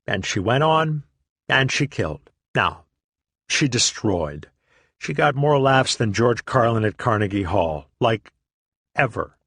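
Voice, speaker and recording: A man's voice: medium pitch, animated, takes it slowly, fairly bright tone, husky, dry recording. A man reading a first-person memoir aloud in a profane, sardonic, self-deprecating way. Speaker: audiobook reader.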